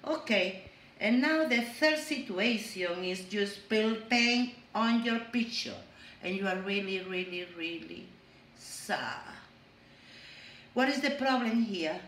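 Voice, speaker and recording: Woman preschool teacher, drawn-out sing-song delivery, reverberant room with faint hiss. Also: fairly high pitch, fairly bright tone. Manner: slow, exaggerated, sing-song teacher talk. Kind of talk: online class lesson for young children. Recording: echoey room with faint hum.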